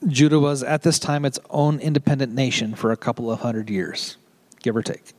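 A man's voice: medium pitch, steady tone, darkish tone. Chatty, joking middle-aged male preacher. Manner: chatty and joking, with quick asides. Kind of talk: casual sermon.

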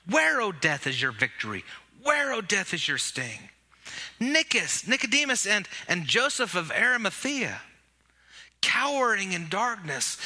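A male pastor with a piercingly bright, somewhat high voice delivers an Easter sermon. He preaches with animated emphasis and rallies his congregation to shout back. His voice is starting to give out. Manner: animated preaching, leads the congregation in call-and-response. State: voice giving out.

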